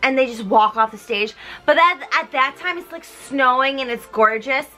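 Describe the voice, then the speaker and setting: A young woman, a little drunk, retelling a story in a giggly, animated way and putting on voices for the characters. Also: high-pitched, normal speed, faint music behind. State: tipsy. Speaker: host. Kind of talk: tipsy comedic retelling.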